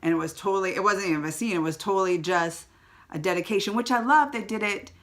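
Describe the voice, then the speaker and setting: Give me an emotional woman reviewing a movie on her vlog, chatty, with a bright tense tone. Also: mid-range voice, fast talker. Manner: chatty and emotional, tearing up then laughing.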